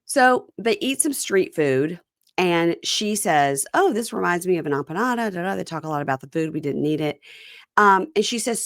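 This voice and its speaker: A woman's voice: on the low side, animated, moderate pace, no echo, studio quality. A woman hosting a podcast, casually recapping a reality show and acting out the lines of its cast with wry asides. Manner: retells scenes with quoted voices and wry asides. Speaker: podcast host.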